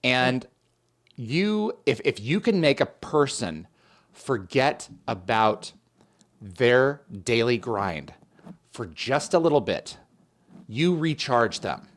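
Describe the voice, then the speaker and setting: A man's voice: mid-range voice, sing-song, takes it slowly. A man hosting an interview, chatting casually and agreeing with enthusiasm. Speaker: host.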